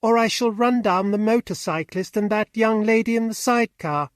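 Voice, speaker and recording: A man reading an audiobook, voicing a lively cheerful young woman driver with a light, laughing manner. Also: high-pitched, moderate pace, dry recording, studio quality, voice pushed up, lightly acted.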